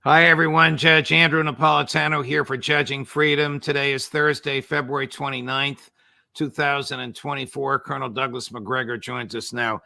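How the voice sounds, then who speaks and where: A man hosting a commentary interview show, speaking in a formal, measured way with frequent "uh" fillers. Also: medium pitch, little pitch movement, creaky, sharp tone, dry recording. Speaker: host.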